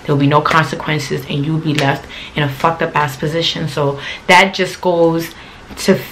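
A woman's voice: sits low, fairly even intonation, moderate pace, background noise. A young woman, telling a storytime vlog in a blunt, slangy, profane way. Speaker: channel host.

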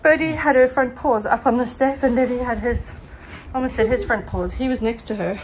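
A woman's voice: on the high side, fairly quick, darkish tone. A woman vlogging casually in her garden on a handheld phone. She chats with viewers, giggles often and calls out to her dogs. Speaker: dog owner and vlogger. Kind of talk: casual vlog talk to viewers. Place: home garden outdoors. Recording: noisy outdoor phone recording.

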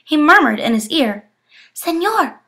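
A young woman reads a children's picture book aloud with expressive, animated storytelling. Her voice is high and bright, rising and falling widely. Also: normal speed. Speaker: education student.

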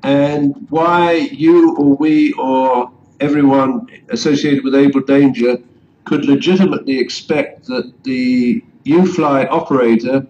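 A man's voice: medium pitch, darkish tone, a little hiss or hum. Long-winded man on a dull line. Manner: long-winded, insinuating, poses loaded questions. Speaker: co-host. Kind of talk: casual radio talk.

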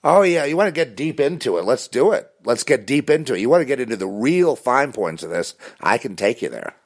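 A man's voice: deep voice, sing-song, fairly quick, heavily acted. A man voicing a sarcastic, taunting stranger in a mocking, sing-song voice. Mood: goading.

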